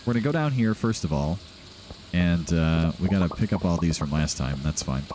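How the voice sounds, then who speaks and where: Relaxed man hosting a game playthrough, low, lively voice, chatty and rambling. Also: moderate pace, a little hiss or hum. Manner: chatty, rambling, laughs often. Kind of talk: casual gameplay commentary.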